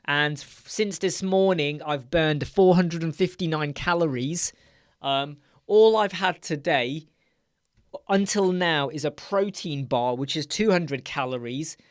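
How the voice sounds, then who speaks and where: A man hosting a live Q&A stream, chatty, rambling and quick to get excited as he reads out and answers viewers' comments. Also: on the high side, smooth, dry recording, clean studio sound. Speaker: host.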